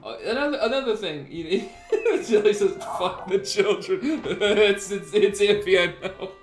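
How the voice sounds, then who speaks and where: A woman's voice: medium pitch, lively intonation, a little slow, soft background music. Young woman streamer chatting loosely. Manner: swears freely, laughs often, rambling with restarts. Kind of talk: casual chat with friends.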